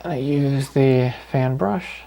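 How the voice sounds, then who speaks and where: Guy with a gravelly voice walking you thru a paint-along, relaxed and easygoing. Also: mid-range voice, slow pace, a little hiss or hum. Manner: calm, easygoing, talks through each step. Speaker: painting instructor. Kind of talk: paint-along tutorial narration.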